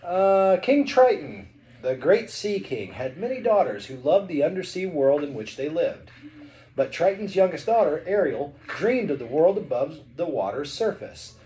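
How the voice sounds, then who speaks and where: A man's voice: a little high, sing-song, normal speed, mellow, a little hiss or hum. A man reading a picture book aloud to his child, playful and chatty between passages. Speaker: father reading a bedtime story.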